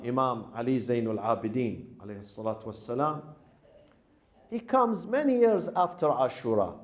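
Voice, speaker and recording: A male preacher delivering an emotional mourning sermon, telling the story and breaking into chanted Arabic passages. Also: mid-range voice.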